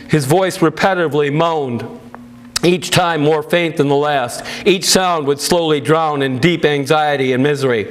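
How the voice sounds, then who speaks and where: A male pastor speaking to an audience and reading a family's account aloud, with earnest, emotional storytelling and plain asides. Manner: earnest, emotional storytelling with loud raised-pitch quotes.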